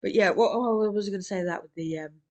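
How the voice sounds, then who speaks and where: A woman's voice: mid-range voice, highs cut off. Chatty New woman telling a story. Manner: rambling, chatty storytelling with many fillers; quick laughs between remarks. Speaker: podcast co-host. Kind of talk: casual conversation.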